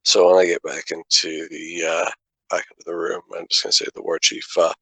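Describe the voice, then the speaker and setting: A man playing a tabletop game, speaking for his character in a halting, hesitant way. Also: low voice, monotone, fairly bright tone, slightly rough, dry recording, rough recording. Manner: halting, many fillers and restarts. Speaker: player.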